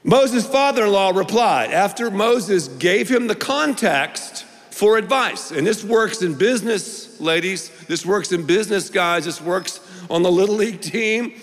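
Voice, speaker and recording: A man's voice: high voice, long reverb tail. A male pastor preaching a sermon, emphatic and repetitive, with playful asides.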